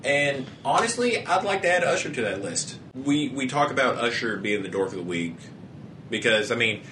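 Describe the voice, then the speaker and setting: A man's voice: mid-range voice, big pitch swings, moderate pace, sharp tone, a little hiss or hum. A young man co-hosting a podcast, rambling casually with frequent restarts and a lot of swearing. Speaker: podcast co-host.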